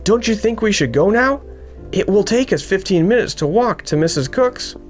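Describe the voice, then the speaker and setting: A man's voice: sits high, moderate pace, faint music behind, voice pushed up. A man doing Benny, an eager little boy. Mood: chatty. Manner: excited, chatty about food. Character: hungry eager young boy.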